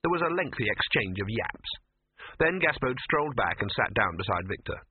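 Husky male narrator, phone-like sound. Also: medium pitch, big pitch swings, moderate pace. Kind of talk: audiobook narration. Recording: narrow phone-like audio.

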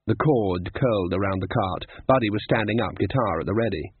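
A man's voice: fairly low pitch, fairly quick, few pauses, breathy edge, no room sound. A man narrating an audiobook in a dry, comic storytelling manner. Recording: tinny lo-fi narrow sound.

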